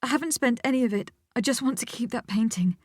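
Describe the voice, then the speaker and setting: A woman's voice: on the high side, quick pace, no echo, studio quality, pitched above the performer's own voice, close to an everyday voice. Woman voicing a tearful young art student. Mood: pleading. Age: young adult. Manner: pleading, voice cracking. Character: young female art student, emotional and protective. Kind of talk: audiobook character voice.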